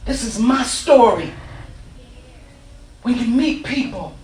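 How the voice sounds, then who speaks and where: A woman minister preaches with impassioned storytelling, her fairly high voice climbing into shouts. The sound is roomy and echoey, picked up from a distance. A faint hum sits behind her. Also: animated, slow. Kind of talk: sermon. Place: church sanctuary. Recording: echoey church from far off.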